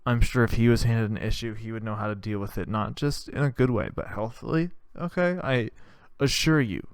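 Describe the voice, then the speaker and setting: A man's voice: lowish voice, brisk, smooth, no echo, studio quality. Rambling crude male comedy podcaster. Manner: rambling, crude, animated storytelling. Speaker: podcast host. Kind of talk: comedic monologue.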